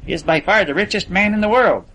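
A man's voice: high-pitched, a little fast, fairly bright tone, voice pushed up. A man reading aloud, voicing a haughty rich teenage schoolboy who boasts about his father's wealth. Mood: boastful. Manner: haughty, dismissive.

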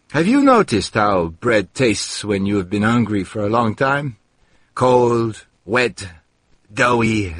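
A man narrating a story in an expressive reading, with heated outbursts in the dialogue. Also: medium pitch, dry recording, studio quality. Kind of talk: audiobook narration.

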